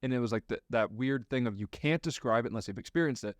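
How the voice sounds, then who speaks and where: A young man hosts a podcast and tells his own story in an earnest, eager way, speeding up as he goes. His voice sits at an ordinary pitch for a man. The sound is close and dry. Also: fast, dry recording. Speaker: podcast host. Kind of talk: casual podcast chat.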